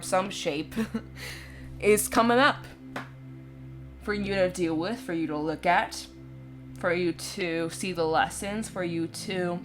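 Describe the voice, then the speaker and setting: A woman talks her viewers through a tarot spread in a relaxed, chatty way, often checking in with the listener. Her voice sits at an ordinary middle pitch. Faint music plays underneath. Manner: chatty, reassuring, full of "you know" and "right?". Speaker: tarot reader. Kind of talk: casual tarot reading to camera. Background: soft background music.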